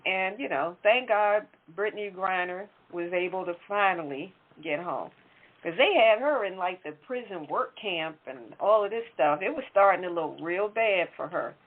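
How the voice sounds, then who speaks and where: A woman's voice: mid-range voice, moderate pace. A woman hosting a talk show, chatting casually and correcting herself as she goes. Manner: conversational, self-correcting. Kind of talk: casual political chat. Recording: tinny phone-like line.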